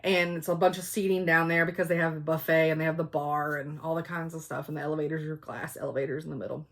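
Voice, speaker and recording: A middle-aged woman, telling stories in a loud, chatty vlog and laughing often. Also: low-pitched, flat delivery, fast talker. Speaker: cross-stitch vlogger. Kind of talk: casual storytelling chat.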